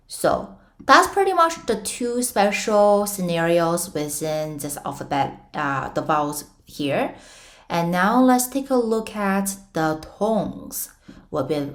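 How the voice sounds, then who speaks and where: A young woman teaches Mandarin pinyin in a casual online lesson, explaining patiently step by step and using playful comparisons. She models the tones with sudden high, sung-out syllables.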